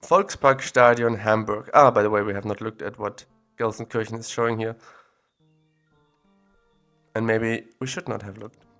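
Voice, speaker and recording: Pausing often and speaking at a normal speed, a man with a lowish voice wanders around a map while musing aloud. His talk is easygoing and conversational, with soft music behind it, and it was recorded on a standalone audio recorder.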